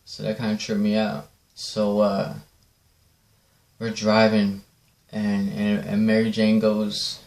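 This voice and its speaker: A man's voice: fairly low pitch, monotone, measured pace, a little mellow. A man casually telling a rambling personal story, swearing often and checking in with "right?". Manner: profane, rambling, repeats "right?". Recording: echoey room.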